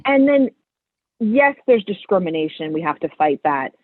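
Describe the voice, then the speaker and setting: A woman's voice: on the low side, big pitch swings, normal speed, dry recording. A woman in her thirties, a podcast guest, telling her story candidly and with animation. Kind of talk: casual interview chat. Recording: tinny phone-like line, dry.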